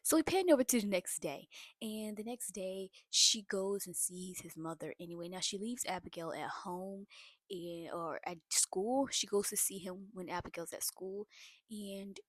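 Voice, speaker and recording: A young adult woman recaps a film to her viewers in a loose, slangy, animated way and laughs often. Her voice sits at an ordinary middle pitch. The sound is dry and close, with no room echo. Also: normal speed. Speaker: movie reaction vlogger. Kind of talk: casual movie recap.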